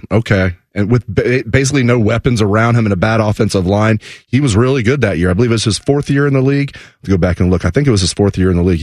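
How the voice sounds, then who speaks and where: A man's voice: on the low side, darkish tone, no room sound, studio quality. A man filling in as co-host on a sports radio show, talking through his views in a conversational way, thinking aloud with restarts and asides. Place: radio studio.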